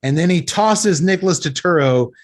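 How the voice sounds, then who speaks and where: A man hosting a podcast and recapping an action movie in lively, sweary casual chat, a little tipsy from several beers. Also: sits high, normal speed. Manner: animated, sweary storytelling recap. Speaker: podcast host recapping a film.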